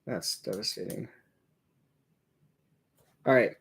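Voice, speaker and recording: A man's voice: fairly low pitch, slow, vocal fry, fairly bright tone, slightly rough. A man giving casual watch-along commentary as a hockey fan, rambling and reacting, with many fillers.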